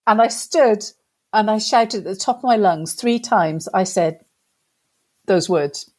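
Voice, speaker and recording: A woman with a British accent, a guest in an interview, telling a funny story in a lively way and acting out the voices of the people in it. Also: mid-range voice, a little slow. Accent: British English. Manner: lively animated storyteller, acts out quotes.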